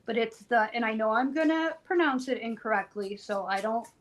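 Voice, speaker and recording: A woman's voice: on the high side, lively intonation, moderate pace, low-quality recording. A woman co-hosting a live crochet stream, chatting casually, laughing often and walking viewers through stitches. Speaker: co-host of a crochet livestream. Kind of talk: casual chat and crochet instruction.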